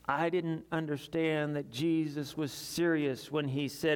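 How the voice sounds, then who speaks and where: Male preacher, earnest sermon delivery, voice sits a bit high, swings between urgency and quiet confession. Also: level tone, measured pace, hardly any pauses, smooth.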